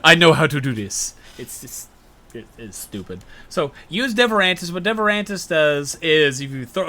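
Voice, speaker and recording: Podcast guy rambling thru a game recap, super bright voice, kinda high, hams up quotes. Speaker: podcast co-host. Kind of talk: casual gaming podcast chat.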